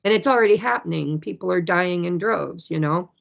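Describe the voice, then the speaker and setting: A woman chatting casually about spirituality, telling stories with lively energy and acting out other people's words. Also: fairly low pitch, brisk, vocal fry. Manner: animated, storytelling, acts out quoted people. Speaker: spiritual speaker. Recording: dull lo-fi sound.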